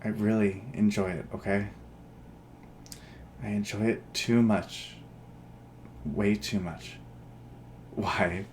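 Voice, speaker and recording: A brooding grim reaper. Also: male voice, on the low side, steady tone, slow, pauses often, a little mellow, a little hiss or hum. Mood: confessing. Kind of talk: voiced dating-game dialogue.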